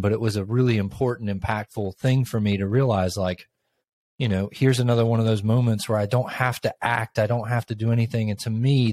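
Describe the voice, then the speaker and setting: A middle-aged man co-hosting a podcast, telling a personal story in a thoughtful, unhurried way with pauses. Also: fairly low pitch, darkish tone, dry recording. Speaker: podcast co-host. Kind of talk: reflective casual conversation.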